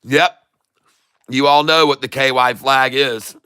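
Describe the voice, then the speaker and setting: A man hosting a day-trading channel, talking through his trades live in a loose, chatty way. His voice is bright and crisp, with a clean, smooth finish. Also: mid-range voice, fairly even intonation, a little slow. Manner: chatty, pointing things out on screen.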